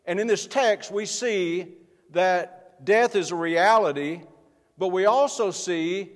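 A man's voice: sits high, slow. A man preaching a sermon as pastor, earnest and building in force as he speaks. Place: church sanctuary. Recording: long hall reverb.

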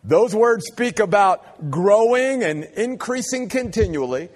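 A man with a notably high voice delivers a sermon to his congregation. He builds in rhythmic repeated lines and slows to stress each word. His voice carries a long reverb from the church hall. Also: lively intonation, darkish tone. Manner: emphatic preaching with slow stressed phrases and repeated lines. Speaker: pastor.

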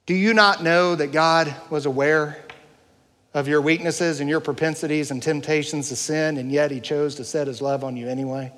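A man's voice: on the high side, steady tone, moderate pace, a bit bright, in a large hall. A male pastor preaching a sermon, earnest, building through rising rhetorical questions.

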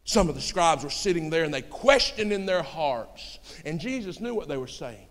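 A man preaching a sermon with folksy turns of phrase, swinging between shouting and hushed storytelling. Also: fairly high pitch, sing-song, normal speed. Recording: long hall reverb.

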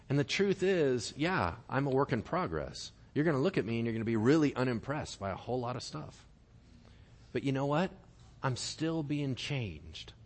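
Animated preacher man, lively pitch. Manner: animated, conversational preaching with acted-out dialogue. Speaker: pastor. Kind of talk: sermon.

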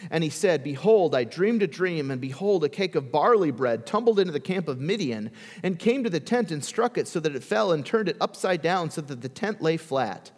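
Pastor guy giving a sermon, kinda high voice, chatty, asks the crowd stuff, big echoey hall. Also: expressive, normal speed. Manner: conversational preaching, asks the congregation questions.

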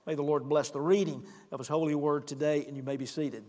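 A man delivers a Sunday sermon from the pulpit, earnest and emphatic as he reads scripture. His voice sits a bit higher than most men's. The sanctuary rings with a long reverb. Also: steady tone, fast, few pauses, a little mellow. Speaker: pastor. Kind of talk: sermon with announcements and scripture reading. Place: church sanctuary.

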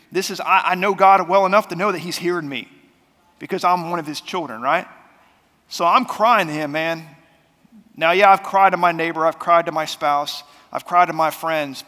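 A man preaching a sermon as pastor, talking in a conversational way that swings between loud and soft. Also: a little high, big-room sound. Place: church sanctuary.

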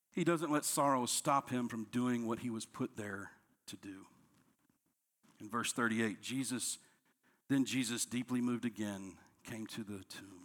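A man, a pastor, preaching a sermon, dropping to soft, low lines and rising when he acts out quoted complaints. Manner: preaching with strong swings between soft, low lines and raised, higher quoted outbursts.

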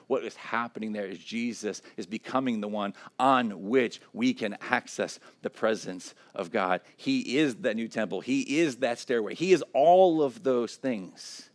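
A pastor delivering a sermon in a relaxed, conversational manner, often checking in with the listeners and building to emphatic repeated declarations. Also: male voice, fairly low pitch, unhurried, hardly any pauses.

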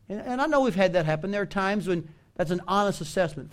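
A man with a Southern US accent preaching a sermon as pastor, animated and emphatic, calling on the congregation to respond. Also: high voice, quick pace, few pauses, clear, resonant tone. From American South.

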